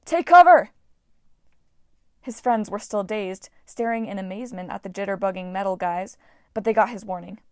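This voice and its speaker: A woman reading a fantasy novel aloud as an audiobook narrator, voicing characters in a lively way. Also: a little fast, clear, resonant tone, no room sound. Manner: lively, voices characters with shouts. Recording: dry, low-quality home recording.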